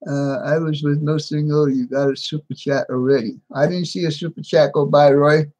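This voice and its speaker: A middle-aged American man runs a casual live stream, welcoming viewers one by one. His voice sits a bit high for a man, and he chuckles often between greetings. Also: steady tone, normal speed, a little mellow, low-quality recording. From United States. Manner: chatty, laughs often, greets each viewer by name.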